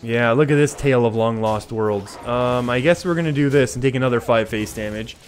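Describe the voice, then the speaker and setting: A young man from Canada talks his way through a card game on a live stream, thinking aloud about his plays. He laughs a lot and reads viewer questions as they come in. Soft music runs faintly behind his voice. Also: medium pitch, fairly quick. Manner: chatty, laughs often, reads out chat. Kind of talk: live gameplay commentary.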